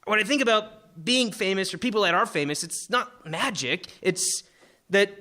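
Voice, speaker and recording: A young man from Florida telling an emotional personal story on stage, animated, full of likes and fillers. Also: sits high, normal speed. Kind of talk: live personal storytelling talk.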